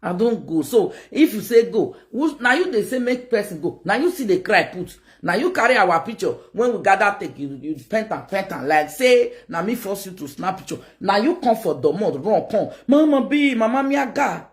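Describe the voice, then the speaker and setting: A Nigerian woman with a Nigerian accent, ranting to her viewers in a rambling, animated way and mixing pidgin with local-language phrases. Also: mid-range voice, moderate pace, hardly any pauses. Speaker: online video host. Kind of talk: casual rant to camera.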